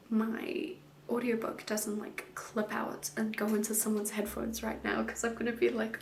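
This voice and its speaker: A woman tattoo artist gives casual, rambling voice-over commentary, often soft and half-whispered and punctuated by giggles. Her voice is fairly high, with slight background noise.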